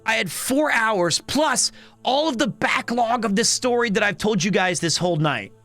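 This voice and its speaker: High-voiced animated male streamer. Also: normal speed, no echo, soft background music. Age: 30s. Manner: animated, rambling, with many restarts. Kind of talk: casual live-stream chat.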